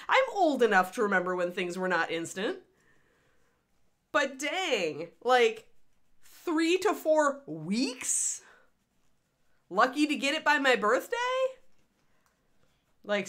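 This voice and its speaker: Woman host, chatty and rambling, bright voice with a lively, bouncing pitch. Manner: rambling, chatty, grumbling asides. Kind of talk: casual livestream chat.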